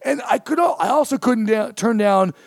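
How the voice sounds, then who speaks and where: High gravelly man telling a story. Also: normal speed, no room sound, studio quality. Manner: animated, profane, acts out quotes. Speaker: comedian guest. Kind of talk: casual storytelling chat.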